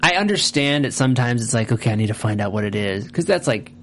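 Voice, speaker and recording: A man chatting casually as a podcast co-host, recapping a TV episode and acting out characters' lines with big pitch jumps. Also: lively intonation, fast talker, fairly bright tone, a little hiss or hum.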